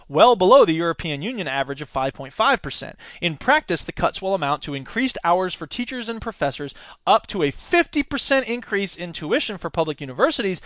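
A man with a high, bright voice hosts a talk podcast, reading news aloud and cutting in with sarcastic rants. He sounds close and dry, with no room around him. He is a teacher by day. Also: dry recording. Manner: sarcastic, ranting asides between read news items. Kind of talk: opinionated news commentary podcast.

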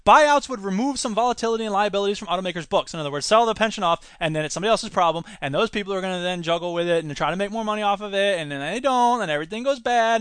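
A man's voice: sits high, racing, hardly any pauses, fairly bright tone, clear, resonant tone, no echo. A man from the United States hosting a solo podcast, giving sarcastic, ranting commentary. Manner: sarcastic, ranting, mocks with put-on voices. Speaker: podcast host.

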